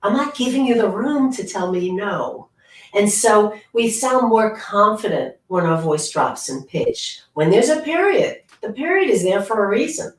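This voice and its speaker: A woman's voice: mid-range voice, expressive, unhurried. Coaching woman on an echoey video call. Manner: demonstrative, coaching tone. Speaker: speech pathologist guest. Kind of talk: conversational interview. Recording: distant and echoey.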